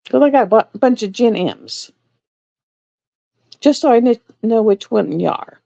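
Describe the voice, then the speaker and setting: Rambling, animated woman. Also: fairly high pitch, unhurried, gravelly, long pauses, no echo. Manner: rambling, chatty, laughs often. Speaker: live stream host. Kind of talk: casual storytelling to live viewers. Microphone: phone or webcam on a live stream. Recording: dull, slightly lo-fi stream audio.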